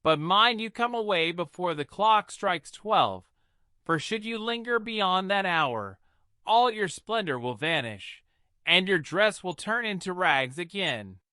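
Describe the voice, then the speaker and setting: A brisk old fairy godmother, as a man puts her on in a storybook reading. She speaks in a raised, lively voice that leaps up and down, quick to give orders. The sound is dry and close. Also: high-pitched, dry recording, pitched above the performer's own voice, exaggerated voice. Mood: commanding. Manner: brisk, commanding.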